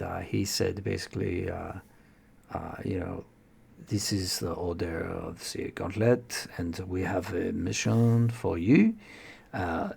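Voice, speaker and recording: A man who runs tabletop games, explaining in a rambling, halting way with plenty of fillers. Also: on the low side, vocal fry, a little mellow, breathy edge. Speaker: dungeon master. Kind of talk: casual explanatory talk.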